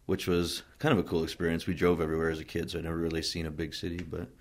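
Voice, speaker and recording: A man from Wyoming recounts his military past in a loose, meandering interview. His voice sits very low and carries a gravelly fry. His pitch barely moves as he talks. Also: racing. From Wyoming, USA. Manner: relaxed, rambling, many fillers and restarts. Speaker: interviewee, Marine veteran. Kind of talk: casual oral-history storytelling.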